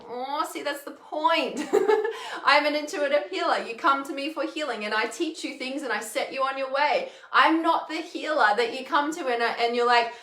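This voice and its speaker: Woman, 30s, casual livestream talk, blunt, laughs a lot, fairly high pitch, roomy echo. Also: moderate pace, a bit bright. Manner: candid, laughs often, swears casually. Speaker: intuitive healer and mentor, livestream host. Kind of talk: casual livestream chat reading comments.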